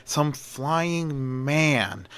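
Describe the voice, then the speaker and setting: An excitable female reporter, put on by a man telling a homemade story. The voice sits higher than his own and rings bright and forceful. She talks in quick, insistent bursts of questions. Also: clean tone, full character voice. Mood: breathless.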